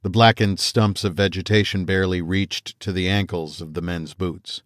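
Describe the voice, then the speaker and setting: A man reading a first-person fantasy audiobook aloud in a measured storytelling manner, voicing the characters he quotes. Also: low-pitched, steady tone, dry recording, studio quality. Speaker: audiobook narrator.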